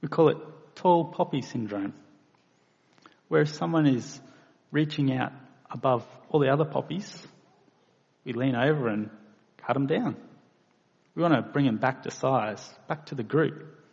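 A man's voice: mid-range voice, unhurried, vocal fry, pauses often, a little mellow, slightly rough. A man preaching a sermon, earnest and plain-spoken, acting out quoted voices now and then. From Australia. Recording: lo-fi recording in a reverberant hall.

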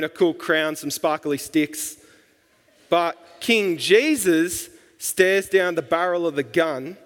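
Male preacher, unhurried and chatty delivery, slightly raised pitch, echoing church hall. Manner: relaxed, colloquial storytelling with asides. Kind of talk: sermon. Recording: long hall reverb.

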